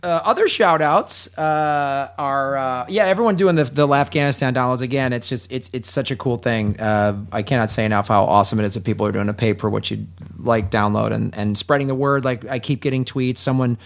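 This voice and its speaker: A man's voice: medium pitch, brisk. A man co-hosting a comedy podcast, talking casually with lots of fillers and restarts, from Chicago. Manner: rambling, jokey, many fillers and restarts. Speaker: podcast co-host.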